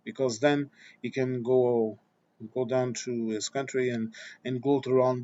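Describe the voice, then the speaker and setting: A man's voice: medium pitch, steady tone, measured pace, warm tone, dull audio. A man delivering a blunt, exasperated opinion rant to his viewers, swearing and restarting his sentences. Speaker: vlogger.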